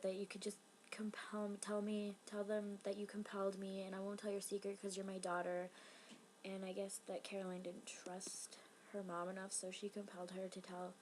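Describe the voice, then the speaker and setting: A woman's voice: mid-range voice, a little hiss or hum, poor audio. Rambling, emotional woman vlogger. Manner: rambling, excitable and emotional, with lots of "like" fillers. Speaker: TV episode reviewer. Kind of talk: casual vlog review.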